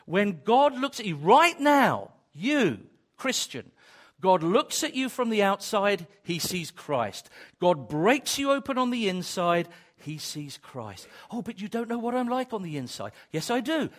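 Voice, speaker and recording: A man's voice: high voice, very animated, moderate pace. A man preaching a sermon, emphatic and repetitive, with joking asides. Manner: emphatic, repetitive, builds to exclamations.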